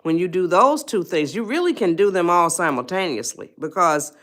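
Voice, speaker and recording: A woman's voice: lowish voice, expressive, normal speed, a bit bright. Woman coaxing her live-stream viewers. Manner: coaxing, repetitive, speaks straight to chat viewers. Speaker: host of a self-help live stream. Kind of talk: live-stream motivational talk.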